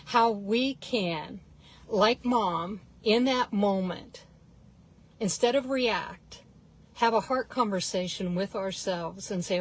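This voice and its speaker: A woman life coach telling a story to her viewers in an unhurried, earnest way, often calling them guys. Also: medium pitch, slightly rough, low-quality recording.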